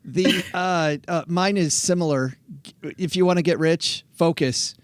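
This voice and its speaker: A man's voice: on the high side, unhurried, no room sound. A man co-hosting a casual money chat show, chatty and reading news pieces aloud. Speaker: podcast co-host. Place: phone booth studio.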